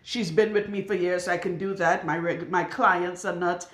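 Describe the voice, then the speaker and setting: A woman's voice: lowish voice, fairly even intonation, moderate pace. A woman loctician talking bluntly and emphatically to camera while working on a client in her salon. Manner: blunt and outspoken; emphatic, with rhetorical questions. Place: her salon room with a radiator. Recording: roomy echo.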